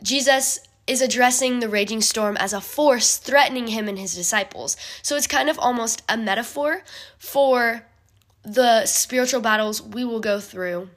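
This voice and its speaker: A young woman giving a casual bible study talk, chatty and full of fillers, often clearing her throat. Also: fairly high pitch, a bit bright.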